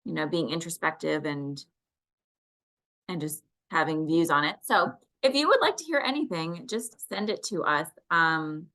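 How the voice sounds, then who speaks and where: A woman's voice: low voice, animated, moderate pace, a bit bright. A woman co-hosting a podcast in casual chat, sounding encouraging and upbeat like a coach. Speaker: podcast co-host.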